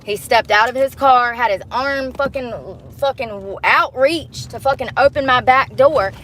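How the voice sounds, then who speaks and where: A woman's voice: high-pitched, measured pace, fairly bright tone, slight background noise. A woman vlogger ranting angrily and bluntly to the camera from inside her car at night, swearing often. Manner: angry, profane, blunt. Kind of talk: heated rant to the camera.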